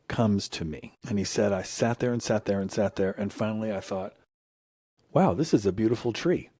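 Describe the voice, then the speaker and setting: A middle-aged American man appears as a guest, telling stories in an earnest, reflective conversation, and his voice lifts when he quotes someone. He has a fairly low, darkish voice with no room sound.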